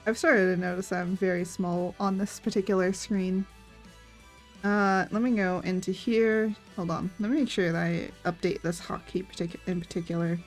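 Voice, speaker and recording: A woman's voice: fairly low pitch, fairly even intonation, moderate pace. A woman chatting casually on her art livestream, rambling and giggling as she retells stories. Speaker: streaming artist. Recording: faint background music.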